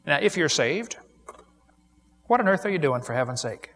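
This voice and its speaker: A man's voice: fairly high pitch, big pitch swings, normal speed, fairly bright tone. A man preaching a sermon in a folksy, joking way, then giving a plain gospel appeal. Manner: folksy storytelling, laughs at his own jokes. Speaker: evangelist preacher. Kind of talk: sermon with jokes and altar call.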